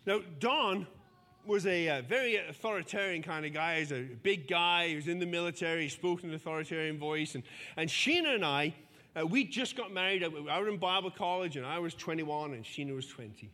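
Bright-voiced preacher in a reverberant hall. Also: male voice, on the high side, a little fast. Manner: lively storytelling, self-deprecating humor. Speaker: pastor. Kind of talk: sermon. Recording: long church-hall reverb.

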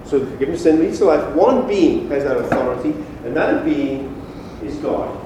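A man preaching a casual, animated sermon to a congregation, talking informally as a pastor. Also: a little high, a little fast, background noise. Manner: animated and informal, acts out quoted voices. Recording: echoey hall, distant mic.

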